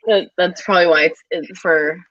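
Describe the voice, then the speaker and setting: A woman hosting a casual video-call chat, talking in quick bursts and laughing often. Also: lowish voice, fairly even intonation, fairly bright tone. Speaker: host of a booktube live stream. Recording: dull lo-fi call audio, dry.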